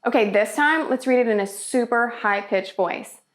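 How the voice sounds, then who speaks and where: A woman's voice: a little high, moderate pace. A woman hosting a children's church video, talking in an upbeat, enthusiastic way. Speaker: children's ministry host.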